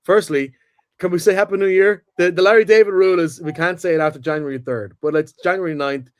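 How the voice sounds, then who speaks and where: Fast-talking excitable man, podcast co-host. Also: high voice. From Ireland or UK. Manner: rapid, excitable, swears freely. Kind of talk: casual chat.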